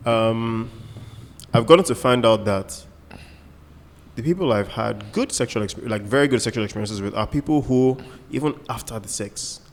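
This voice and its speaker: A man's voice: mid-range voice, moderate pace, in a large hall. A man, co-hosting a casual podcast chat and explaining his views through examples and asides. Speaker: co-host.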